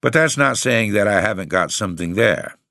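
A man voicing an old woman caretaker with second sight, speaking quietly and solemnly. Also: fairly low pitch, expressive, brisk, gravelly, no echo, clean studio sound, full character voice. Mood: grave. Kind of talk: audiobook reading.

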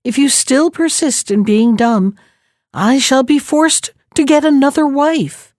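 A woman voicing a young prince in a fairy tale reading, speaking plainly and gently. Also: high-pitched, measured pace, no room sound, studio quality, voice pushed up. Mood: pleading. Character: young prince, patient but frustrated.

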